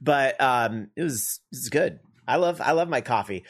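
A man hosting a gaming talk show, chatting casually in a relaxed, rambling way. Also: mid-range voice, moderate pace. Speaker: podcast host.

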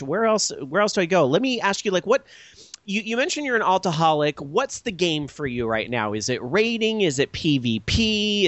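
A man's voice: fairly high pitch, a bit bright, no echo. An American man hosting a podcast, chatting casually with a jokey manner and frequent laughs. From United States. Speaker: podcast host.

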